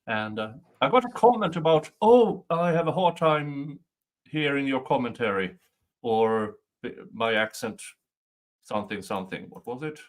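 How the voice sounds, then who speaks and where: A man's voice: medium pitch, animated, normal speed. A man whose first language is not English, hosting casual commentary in a dry, joking way. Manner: dry, self-deprecating humor. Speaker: trial commentary host.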